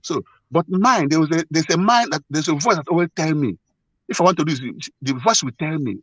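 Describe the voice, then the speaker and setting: Man, earnest personal story, halting restarts, slightly high pitch, dry close sound. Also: animated, no echo, poor audio. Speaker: guest sharing a marriage problem.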